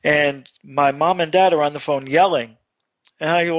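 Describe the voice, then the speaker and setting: Excitable man telling a story. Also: fairly high pitch, moderate pace, no room sound. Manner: animated, excited retelling with rising voice. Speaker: radio show guest. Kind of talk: casual storytelling on a talk show. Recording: dull dry online radio audio.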